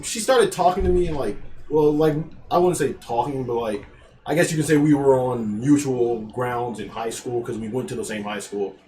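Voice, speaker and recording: A man's voice: mid-range voice, a little mellow, slight background noise. A young man hosting a podcast, rambling through a school story in a loose, swear-heavy casual chat. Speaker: podcast host.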